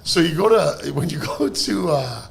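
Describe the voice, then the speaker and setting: A man, a guest comedian on a podcast, telling animated comedy stories, laughing through them and shouting exaggerated impressions. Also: a little high, normal speed, gravelly, slight background noise. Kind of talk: storytelling comedy anecdotes. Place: podcast studio.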